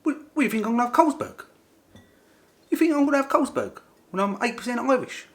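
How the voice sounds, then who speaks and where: A man putting on a shouting mock Scottish bloke. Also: expressive, a little fast, a little hiss or hum. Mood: indignant shouting. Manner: shouting, high-pitched, exaggerated.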